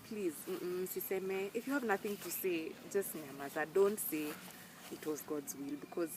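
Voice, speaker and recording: A young woman talking earnestly to camera, emphatic and animated when she quotes people. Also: on the low side, moderate pace, slight background noise, poor audio. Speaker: vlogger. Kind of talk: casual personal talk to camera.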